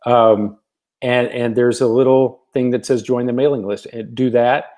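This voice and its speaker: A man's voice: mid-range voice, steady tone, measured pace, darkish tone. A man hosting a casual livestream, greeting viewers by name in a folksy way with many fillers. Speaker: gospel singer hosting a livestream.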